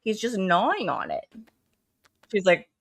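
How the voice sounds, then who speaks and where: A woman's voice: mid-range voice, huge pitch swings, measured pace, creaky, no echo, clean studio sound. A woman co-hosting a casual book club podcast, animatedly retelling scenes and acting out the characters' quotes. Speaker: podcast co-host.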